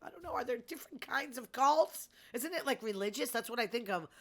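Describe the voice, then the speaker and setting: A woman's voice: on the high side, lively intonation, a little fast, a bit bright, slight background noise. A middle-aged woman hosting a show, chatting casually and gossiping about reality TV with amused asides. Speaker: podcast host.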